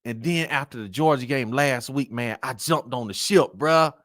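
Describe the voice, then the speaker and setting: A man hosting a casual sports talk show, animated, often tacking "man" onto his sentences. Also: medium pitch, no room sound, clean studio sound. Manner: animated, repeats "man" often, drawn-out emphasis.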